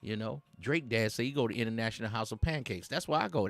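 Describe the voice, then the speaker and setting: A man's voice: medium pitch, quick pace, gravelly, hardly any pauses, fairly bright tone, no echo, faint music behind. A man hosting a satirical dating-advice monologue, talking in streetwise slang and rambling like a preacher, chuckling between his points. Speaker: host.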